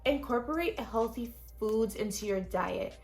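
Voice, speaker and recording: A woman's voice: a little high, lively intonation, a little slow, creaky, over music. Chatty young woman vlogger, frank. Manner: chatty, frank, swears casually, talks straight to viewers. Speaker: lifestyle vlogger. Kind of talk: casual self-help vlog talk. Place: small cluttered studio apartment.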